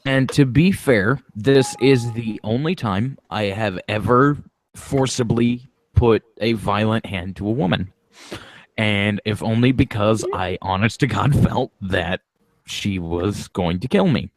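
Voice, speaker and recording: A man with a lowish voice tells dark stories in casual chat, flat and deadpan. He chuckles at his own misfortune. The sound is dry and close. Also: unhurried, dry recording.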